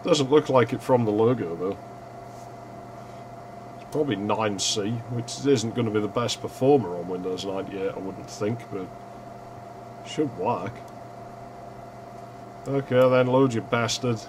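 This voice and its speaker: A man's voice: lowish voice, measured pace, long pauses, a little mellow, a little hiss or hum. Sweary man streaming a game. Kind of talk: casual gaming stream commentary.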